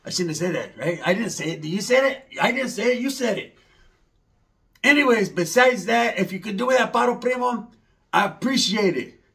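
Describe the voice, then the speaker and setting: High-voiced rambling man. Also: animated, brisk, gravelly, a bit bright. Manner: rambling, slangy, mixes in Spanish words. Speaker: comedic character monologue. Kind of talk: rambling comedic character monologue.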